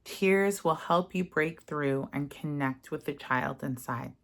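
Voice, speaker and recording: A woman leading a guided mirror-work lesson, speaking gentle, soothing affirmations. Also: low-pitched, takes it slowly, vocal fry. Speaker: self-help guide.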